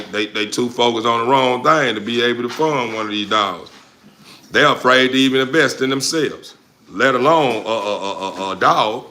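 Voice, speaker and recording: A man on a livestream, loudly and confrontationally answering viewers in casual slangy talk, recorded without a lapel mic. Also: mid-range voice. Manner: loud, confrontational, repetitive, slangy. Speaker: dog breeder streamer answering chat. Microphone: no lapel mic, phone or camera mic.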